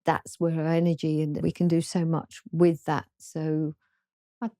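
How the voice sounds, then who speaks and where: A woman from southern England with a southern English accent, a guest author in an interview, speaking hesitantly with many pauses and restarts. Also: low-pitched, level tone, dark tone, no echo, studio quality. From southern England, London. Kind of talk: casual interview chat.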